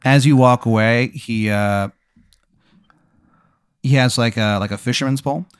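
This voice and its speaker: A man's voice: medium pitch, measured pace, clear, resonant tone, dry recording, studio quality. A man spinning an improvised comic hypothetical, rambling and profane, full of fillers. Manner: rambling, profane, lots of fillers and silly voices. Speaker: podcast host posing a hypothetical. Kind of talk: improvised comedic storytelling.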